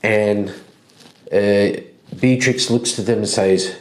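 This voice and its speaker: A man's voice: fairly low pitch, fairly even intonation. A man narrating a solo tabletop role-playing game as game master, in a loose storytelling manner. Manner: slow, loose storytelling with restarts. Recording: roomy echo.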